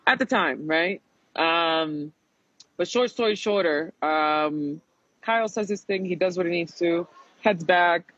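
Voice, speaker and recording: A man's fairly high voice comes through at a slightly slow pace with no room sound, though the recording is dull and lo-fi. In a casual storytelling chat, he animatedly recalls a frustrating reality show experience, swearing, emphasizing and quoting people.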